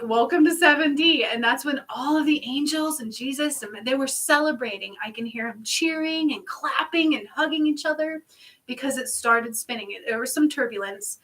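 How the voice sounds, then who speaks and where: A woman speaking as a spiritual channeler in a casual livestream monologue, excited and rambling, laughing often and dropping into soft asides. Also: high-pitched, normal speed, recorded from a distance, low-quality recording. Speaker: spiritual channeler streaming to followers.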